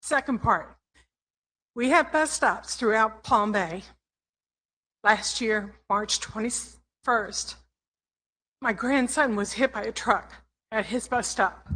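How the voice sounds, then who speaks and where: A woman's voice: on the high side, sharp tone, rough recording. Emotional older woman at a council podium. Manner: emotional, halting, apologetic. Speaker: public commenter. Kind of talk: public comment at a council meeting. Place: council chamber. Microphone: podium microphone.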